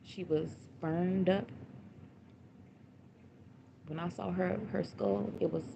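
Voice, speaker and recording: A gravelly, low-voiced woman in her forties speaks bluntly and emotionally, circling back and repeating herself as she tells her own story. The stream audio is dull and lo-fi, with steady noise under her voice. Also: takes it slowly. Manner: repetitive, blunt and emotional, with slang and restarts. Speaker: grieving mother telling her story. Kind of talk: livestream personal account. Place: home livestream.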